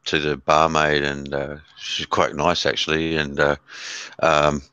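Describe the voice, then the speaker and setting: A man's voice: very deep voice, monotone, measured pace, sharp tone, clean tone, dry recording, dull audio. A man with an Australian accent in a laid-back casual chat, laughing often and saying mate.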